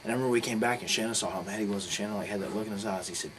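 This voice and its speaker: A middle-aged man telling a story in a casual interview, swearing freely and acting out quotes with sudden loud bursts. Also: fairly low pitch, racing, rough recording.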